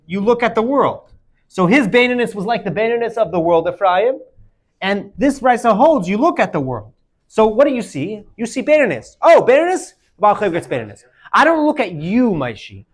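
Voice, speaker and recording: A man teaching Talmud to a class, animated, calling on students by name and quizzing them. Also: high-pitched.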